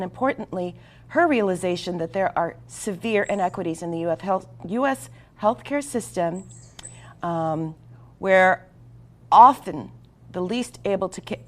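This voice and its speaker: Earnest woman host with a lowish voice. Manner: earnest, emphatic, with small stumbles. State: slightly stumbling over words. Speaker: talk show host. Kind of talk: scripted guest introduction.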